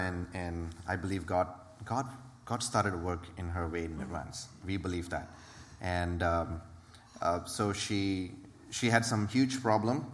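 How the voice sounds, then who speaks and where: A man from Malaysia telling a church testimony, hesitant, with many fillers and restarts. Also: sits low. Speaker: ministry worker. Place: church hall. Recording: reverberant hall.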